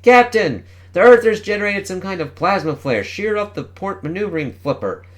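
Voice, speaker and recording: A high, urgent voice of a panicked alien starship crewman, as a man reads him aloud. He rattles off damage reports in a hurried rush, like a comic-book read-aloud. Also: lively intonation.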